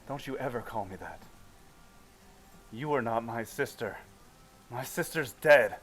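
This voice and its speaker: A man's voice: medium pitch, animated, measured pace, pitched above the performer's own voice, natural voice. A man voicing an enraged Southern woman fighter. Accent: American Southern. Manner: shaking with rage, snapping threats. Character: furious young woman fighter, trained, enraged.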